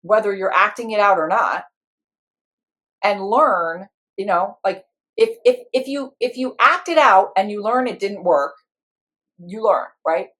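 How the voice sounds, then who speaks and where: A woman's voice: mid-range voice, unhurried, fairly bright tone. A middle-aged woman, an IFS practitioner, telling a story in conversation and acting out her inner parts in quoted voices.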